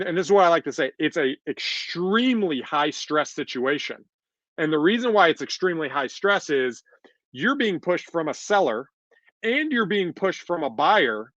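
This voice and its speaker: On a dull, lo-fi, dry recording with no room sound, a man with a high-ish, fairly bright voice talks casually as a podcast co-host. His style is emphatic, repeating points and giving voice to the people he quotes.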